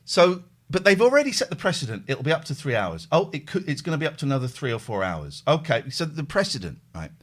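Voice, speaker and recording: Male host, middle-aged, animated storyteller, slightly higher voice with a lively, swinging delivery. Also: quick pace, hardly any pauses. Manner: animated storyteller, acts out phone calls, thanks subscribers. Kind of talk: casual chat, livestream storytelling.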